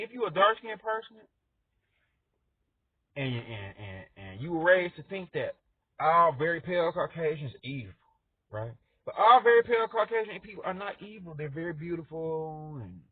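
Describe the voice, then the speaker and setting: Man, lively rambling monologue, husky and a bit high, dry and tinny phone-like audio. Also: no echo. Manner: animated, jumps into high squeaky voices for characters, laughs often. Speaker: music artist talking to viewers.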